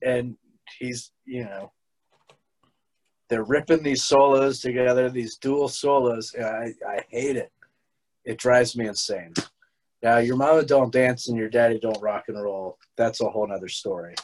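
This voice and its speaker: A man's voice: mid-range voice, steady tone, a little slow, a little mellow, poor audio. A man hosting a podcast, chatting casually in a rambling, profane way with many restarts. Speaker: podcast host. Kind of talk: casual chat.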